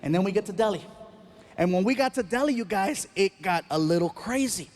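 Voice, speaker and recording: A man doing stand-up storytelling, animated and acting out voices and crowd sounds. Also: high-pitched, a little fast. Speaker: stand-up comedian.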